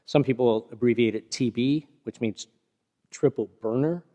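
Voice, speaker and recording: A man in the middle of teaching a karate class, talking through a technique as he demonstrates it on a partner. He explains in a chatty, easygoing way, pokes fun at himself now and then, and keeps checking in with the students. His voice sits at an ordinary pitch for a man and trails off with a long reverb from the big dojo room. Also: normal speed, mellow. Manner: explanatory, chatty, self-deprecating with laughs. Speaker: karate instructor. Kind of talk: hands-on martial arts teaching.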